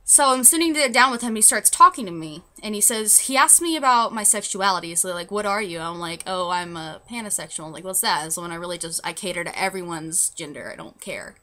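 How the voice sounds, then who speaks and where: Bright-voiced young woman rambling through a story. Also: fairly low pitch, brisk, few pauses. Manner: rambling, restarts, lots of "like". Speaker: vlogger. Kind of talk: casual storytelling vlog.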